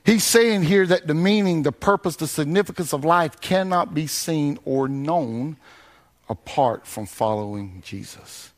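High-voiced preacher in sing-song cadence. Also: male voice, measured pace. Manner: sing-song preaching cadence, swelling loud then dropping low. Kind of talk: sermon.

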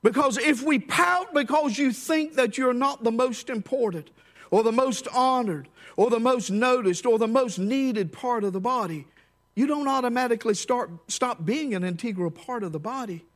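A man preaching a sermon, telling a story and dropping low and quiet on key words, rising to shouts at the high points. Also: normal speed. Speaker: pastor.

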